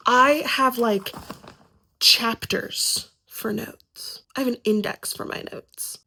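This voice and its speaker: A woman's voice: fairly high pitch, fairly bright tone. A young woman vlogging about books in a casual, rambling, self-mocking way, short on sleep. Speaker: book vlogger. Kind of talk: casual vlog chat.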